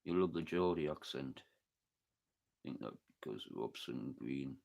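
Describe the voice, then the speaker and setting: A man's voice: extremely low pitch, animated, moderate pace, creaky, a little mellow. A man with a northeast English accent chatting casually with his live audience, joking and swearing as he rambles between topics. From northeast England. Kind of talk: casual chat reading live comments.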